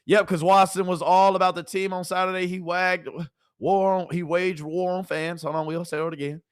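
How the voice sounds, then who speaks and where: A woman streamer giving casual, animated sports commentary, full of rhetorical questions and slang. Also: fairly low pitch, brisk, clean tone.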